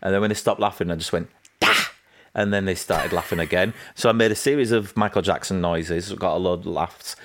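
A man with a Yorkshire accent, a guest in a casual interview, telling animated anecdotes and acting out what people said. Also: fast, hardly any pauses. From England. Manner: animated anecdotes, acting out quotes with raised pitch.

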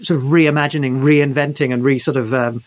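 A man's voice: medium pitch, fairly even intonation, brisk. Hesitant male interviewer. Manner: hesitant, full of fillers and restarts. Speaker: interviewer host. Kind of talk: book interview.

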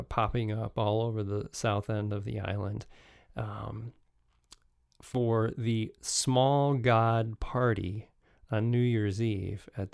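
A man casually telling travel stories as a podcast host, halting and restarting often, with frequent chuckles. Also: mid-range voice, gravelly, darkish tone, clean tone, no room sound, studio quality.

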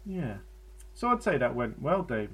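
A man's voice: mid-range voice, big pitch swings, measured pace, a bit bright, breathy edge. Giggly, teasing man. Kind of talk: casual comedic banter.

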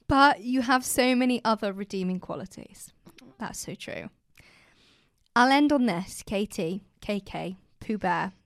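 A British woman co-hosting a podcast, chatting casually and reading a letter aloud in a gentle, reassuring way. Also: fairly high pitch, no room sound, studio quality. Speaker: podcast co-host.

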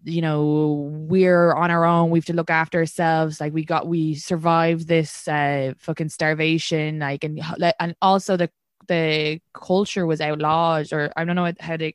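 A woman's voice: low-pitched, little pitch movement, normal speed, smooth, no echo, clean studio sound. A young Irish woman hosting a podcast, chatting candidly and swearing freely, with lots of fillers. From Ireland. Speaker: podcast host. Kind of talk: casual chat.

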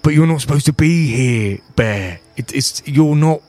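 A man's voice: fairly high pitch, animated, a little slow, darkish tone, no echo, faint music behind, voice pushed up. A man voicing a reluctant soldier who carries a barrel. He speaks hesitantly and stammers through restarts. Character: weary, reluctant male soldier carrying a barrel.

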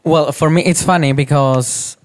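A young man speaking as a panel guest, outspoken and animated, laughing as he mimics other people. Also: on the high side, normal speed. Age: young adult. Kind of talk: frank live panel chat.

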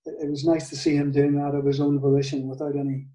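Northern Irish man with a mellow voice. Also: on the high side, completely flat delivery, recorded from a distance. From Northern Ireland. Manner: halting, with many restarts and soft laughs. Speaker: guitar maker, guest. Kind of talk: storytelling in a podcast interview. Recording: echoey room, off-mic.

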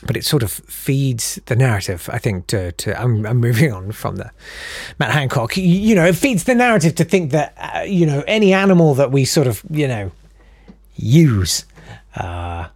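A man's voice: mid-range voice, sing-song, normal speed, darkish tone, no room sound. A man hosting a comic monologue, rambling with sarcastic asides and frequent self-interruptions. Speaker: comedian host.

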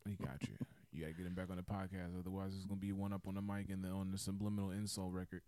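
A man co-hosting a podcast in casual, profane banter while playing a video game with friends, loud and animated. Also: low-pitched, very fast. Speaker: podcast co-host.

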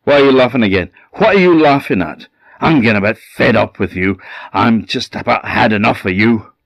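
A grumpy, impatient fisherman, as a male storyteller puts him on, firing off loud, exasperated questions in a deep Orkney Scottish voice. His pitch swings widely while the sound stays dry and close. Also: sing-song, slow pace, no room sound, highs cut off, full character voice.

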